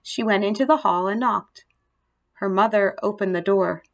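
A woman narrating a children's storybook in a gentle, expressive read-aloud manner. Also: mid-range voice, moderate pace.

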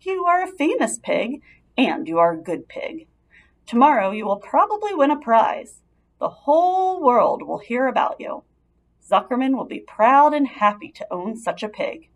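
A woman voicing a calm, kind female spider, speaking softly and measuredly in a storybook reading. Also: a little high, pitched above the performer's own voice. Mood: reassuring. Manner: soft, measured, soothing.

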